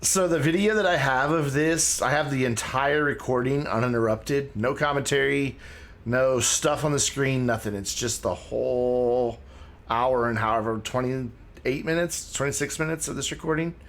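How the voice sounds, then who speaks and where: A man streaming a video game, giving relaxed, chatty commentary and thinking aloud as he plays. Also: mid-range voice, moderate pace. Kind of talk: casual gameplay commentary. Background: game music.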